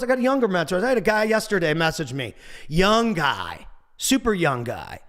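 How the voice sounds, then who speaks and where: Casting: man in his 40s, high-pitched, loose motivational talker with a goofy streak. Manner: animated, goofy, swears casually. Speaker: motivational speaker. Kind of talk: motivational monologue.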